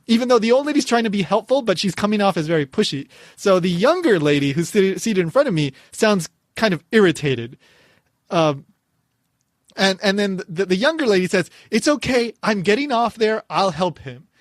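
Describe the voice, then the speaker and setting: Man, podcast host, casual storytelling, higher voice, animated, frequent laughs, restarts, dry close sound. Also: no room sound.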